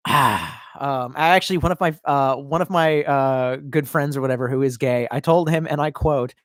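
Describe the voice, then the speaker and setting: A man in his twenties chatting casually on a live stream and reading out chat comments. He swears constantly and rambles, jumping between loud outbursts and quiet mutters, and he sounds drunk. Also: medium pitch, moderate pace, no room sound, clean studio sound. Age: 20s.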